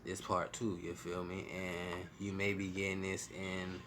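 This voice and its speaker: Deep-voiced man hosting a reaction stream. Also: monotone, measured pace, fairly bright tone, a little hiss or hum. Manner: loose, profane, slangy. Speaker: reaction channel host. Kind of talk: casual reaction commentary.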